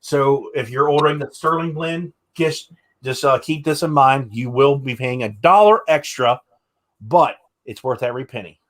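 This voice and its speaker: A young man chats easily on a livestream, joking with his guests and showing products. His voice sits at an ordinary middle pitch. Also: normal speed, fairly bright tone. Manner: chatty, joking, shows products. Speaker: livestream host. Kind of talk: casual livestream chat.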